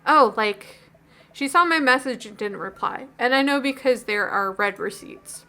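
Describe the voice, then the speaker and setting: A woman voicing an upset, rambling teenage girl in a video game, with a high, bright voice. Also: expressive, moderate pace. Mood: gossipy. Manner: rambling, gossipy, dejected.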